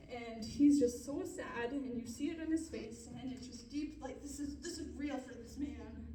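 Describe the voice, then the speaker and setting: High-voiced woman rambling through stand-up. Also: mellow, reverberant, far from the mic, slight background noise. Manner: rambling, self-deprecating storytelling with frequent laughs. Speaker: stand-up comedian. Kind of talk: stand-up comedy set.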